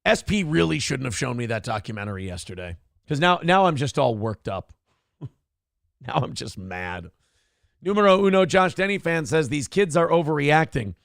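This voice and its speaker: A man's voice: on the high side, big pitch swings, normal speed, vocal fry, fairly bright tone, no room sound, studio quality. A man hosting a livestream talk show. He reads viewer comments aloud and rants with plenty of profanity. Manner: ranting and profane. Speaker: live show host.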